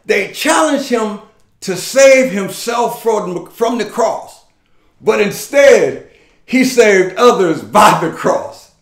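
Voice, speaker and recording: High-voiced, impassioned preacher in an echoing church. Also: male voice, lively intonation, slow. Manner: impassioned, repeating and stammering, building to shouts. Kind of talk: first-person dramatic sermon monologue. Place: church sanctuary.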